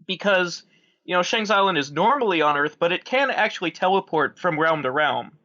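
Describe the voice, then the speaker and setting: A man with a bright, forceful, fairly high voice talks casually on a podcast, unpacking details with fillers and restarts. The audio is a little dull and lo-fi. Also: animated, a little fast. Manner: explains story details with many fillers. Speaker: podcast co-host.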